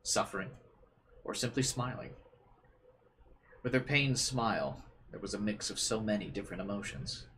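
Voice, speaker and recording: A man's voice: on the low side, normal speed, pauses often, fairly bright tone, slight background noise. A young man streaming a visual novel, reading its text aloud with casual, joking asides. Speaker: let's play streamer.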